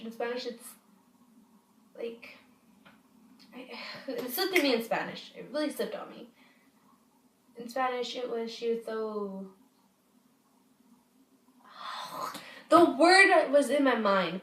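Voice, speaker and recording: A woman's voice: a little high, distant mic. A woman telling a story to her camera in a rambling, profane way, often restarting her sentences. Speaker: vlogger. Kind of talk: casual storytime. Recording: echoey room, voice off-mic.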